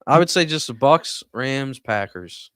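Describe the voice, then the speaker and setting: Regular-pitched guy on a sports podcast, dry mic, talking picks through. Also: expressive, unhurried, fairly bright tone, clear, resonant tone, no room sound. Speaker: podcast co-host. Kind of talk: casual sports chat.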